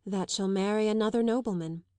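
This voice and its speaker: A woman reading the part of a composed, kind but weary young woman in an audiobook, speaking calmly and gently. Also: mid-range voice, dry recording, close to an everyday voice. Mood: measured. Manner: calm, gentle, measured.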